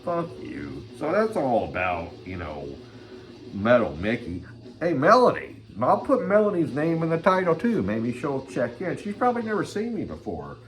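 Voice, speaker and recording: A man's voice: a little high, huge pitch swings, moderate pace. An older man hosting his own channel, ranting crudely and swearing constantly in a rambling vlog. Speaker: channel host. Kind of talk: rambling profane vlog rant.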